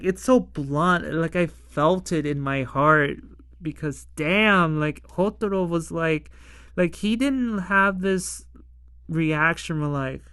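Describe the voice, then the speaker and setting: Slow-talking casual episode reviewer, smooth tone, rambles, laughs a lot. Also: mid-range voice, a bit bright, no echo, studio quality. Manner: rambling, heavy on "like", laughs often.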